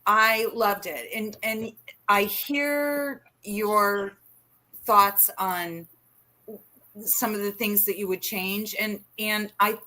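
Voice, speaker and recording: A woman's voice: mid-range voice, fairly even intonation, slow, bright, forceful tone. A woman hosting a podcast in a joking, casual conversation, lingering over her words. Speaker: podcast host.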